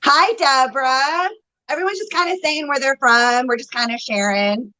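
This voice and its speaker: A woman's voice: high voice, normal speed, bright, forceful tone, low-quality recording. A woman hosting a casual livestream, chatting, laughing and greeting viewers by name as a psychic reader.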